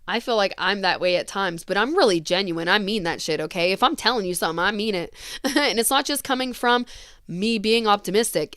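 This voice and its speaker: A woman reading tarot for her viewers, speaking in an earnest, gentle, rambling way with fillers and small laughs. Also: mid-range voice, smooth, no room sound, clean studio sound. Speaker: tarot reader.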